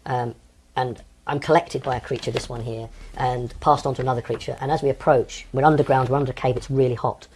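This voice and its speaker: A man's voice: medium pitch, fairly even intonation, fast talker, hardly any pauses, darkish tone, a little hiss or hum. A man in his sixties from England, an interview guest recounting personal experiences in a hesitant way, with frequent ums and restarts. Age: 60s.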